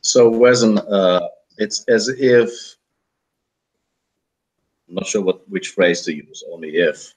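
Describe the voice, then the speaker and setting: A man's voice: fairly low pitch, slow, pauses often, slight background noise, poor audio. A man narrating in a tabletop story game, hesitant and searching for words. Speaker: player.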